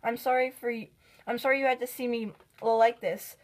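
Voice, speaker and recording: A woman's voice: on the high side, fairly even intonation, normal speed, lightly acted. A woman voicing a tearful young man in a dress who apologizes as he pleads. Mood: tearful apology.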